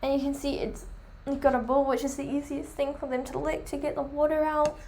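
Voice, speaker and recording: A young woman chatting enthusiastically while reviewing pet products, full of fillers, her voice going hoarse. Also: high voice, flat delivery, brisk, dark tone, slight background noise. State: losing her voice. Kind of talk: casual chat.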